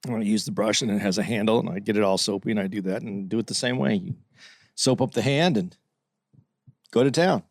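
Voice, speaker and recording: A man co-hosting a podcast in casual chat, rambling and halting through his stories. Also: fairly low pitch, no echo, studio quality. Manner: rambling, halting, with many fillers and restarts. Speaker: podcast co-host.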